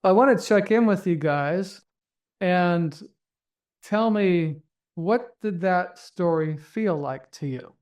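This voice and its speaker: A man's voice: high-pitched, slow, a little mellow. A man teaching by walking listeners through a story, talking casually with many fillers and acting out their inner thoughts. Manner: conversational, with many fillers, self-corrections and acted inner thoughts. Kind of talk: guided story and lesson.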